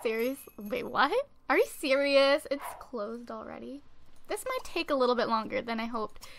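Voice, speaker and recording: A young woman talks through a life-sim let's play into a desk microphone, chatty and giggly, bossing her characters around. Her voice sits high and sounds bright and sharp. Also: normal speed, creaky, slight background noise. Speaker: gaming video host. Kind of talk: casual let's play commentary. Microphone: desk USB microphone.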